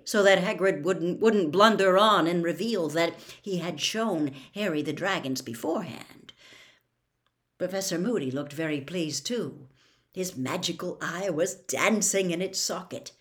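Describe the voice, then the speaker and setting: A woman storyteller reading a novel aloud with expressive, dramatic delivery. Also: on the low side, unhurried.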